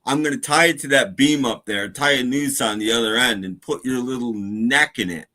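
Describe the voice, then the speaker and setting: A man's voice: mid-range voice, normal speed, pushed and bright, natural voice. A man voicing a patient male bartender in a spoken joke, who grows exasperated and threatening. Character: patient male bartender losing his temper.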